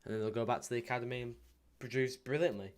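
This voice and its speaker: Smooth-voiced man chatting through a live watchalong. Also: mid-range voice, fast. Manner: casual, reads out viewer comments and commentates on the match, many ums; bursts into excited play-by-play at goals. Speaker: watchalong streamer. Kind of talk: live match watchalong chat.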